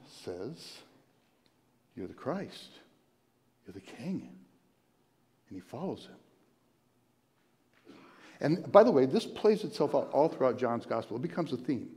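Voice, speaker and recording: A man preaching a conversational sermon as pastor, retelling a story in a halting way, repeating and restarting words and inviting listeners to join in. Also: mid-range voice, a little mellow. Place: church sanctuary. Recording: long hall reverb.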